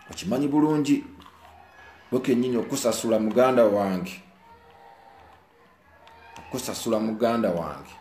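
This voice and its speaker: A Ugandan man with a lowish, warm voice comments to viewers in an earnest, preachy and emotional monologue, code-switching between Luganda and English. Rain falls outside as he speaks indoors, and the audio has a roomy echo with faint hiss.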